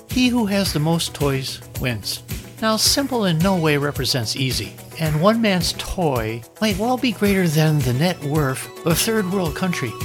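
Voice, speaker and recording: A man narrating a short story in a wry, musing way. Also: fairly high pitch. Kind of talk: story reading. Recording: music playing behind.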